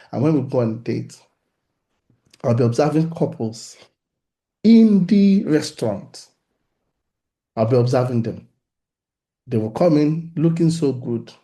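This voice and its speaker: A man's voice: mid-range voice, dark tone. A middle-aged man, teaching on relationships in a sermon, animatedly acting out little conversations. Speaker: pastor.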